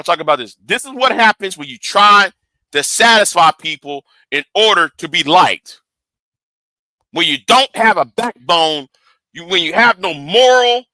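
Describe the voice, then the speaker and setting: Intense, bright-voiced man ranting on stream. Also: high voice, no echo. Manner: emphatic, profane, repeats words when worked up. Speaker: livestream host. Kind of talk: heated livestream commentary.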